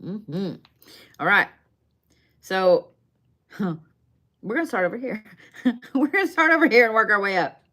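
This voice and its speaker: A woman's voice: mid-range voice, animated, a little slow, pauses often, pushed and bright. A woman giving bone readings on a live stream in a casual, chatty way, swearing now and then and talking straight to her viewers. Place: her shop.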